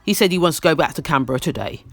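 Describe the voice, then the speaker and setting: A man talks through a reality show episode in a casual, opinionated commentary, repeating lines for emphasis. His voice sits a little high and swings widely in pitch. The sound is dry and close, with faint music underneath. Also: animated, very fast, creaky, no room sound.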